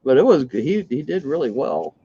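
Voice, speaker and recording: A man's voice: fairly high pitch, sing-song, brisk, mellow, a little hiss or hum. An easygoing man chatting casually while he works on a craft. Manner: easygoing, laughs often. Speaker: livestream co-host. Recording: lo-fi livestream audio.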